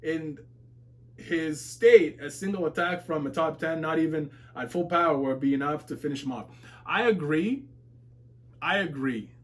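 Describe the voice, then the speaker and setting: A man with a slightly high voice streams a live webtoon reaction at a moderate pace, reading viewer comments aloud. He's excitable, laughing often, cursing and shouting at plot twists.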